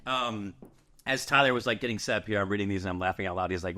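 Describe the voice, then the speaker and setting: A man's voice: fairly low pitch, fast, sharp tone. A man hosting a podcast, chatting casually with a guest in a playful, teasing way and laughing often. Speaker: podcast host. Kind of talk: casual interview chat.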